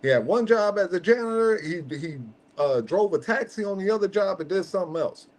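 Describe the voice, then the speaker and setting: Male host with a high voice, casual and slangy, emphatic, fond of rhetorical check-ins. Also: expressive, brisk, darkish tone. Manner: emphatic, peppers points with "okay?"; slangy, conversational. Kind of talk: casual podcast chat.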